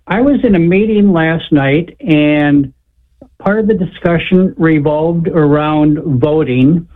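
A man from Florida calling in to a radio show who asks his question haltingly and restarts often. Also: on the high side. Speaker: caller. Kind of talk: call-in question. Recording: tinny phone line.

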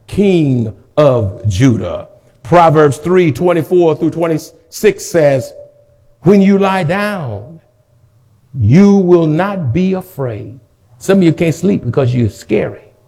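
A man with a high voice delivers a sermon at an unhurried, deliberate pace. He reads scripture in a preacher's cadence, jumps into sudden shouts and asks the congregation to repeat his words back. At moments his voice turns tearful and pleading. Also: expressive. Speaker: pastor.

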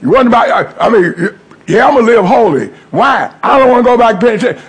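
A man's voice: extremely high pitch, expressive, fast, creaky, husky. A middle-aged man preaching a testimony sermon, calling out to the congregation. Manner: call-and-response preaching, rising and falling emphasis.

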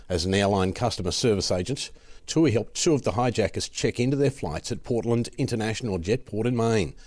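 A man reading the news as an anchor, with a measured, formal delivery from a studio. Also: fairly low pitch, expressive, darkish tone, no room sound. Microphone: studio mic.

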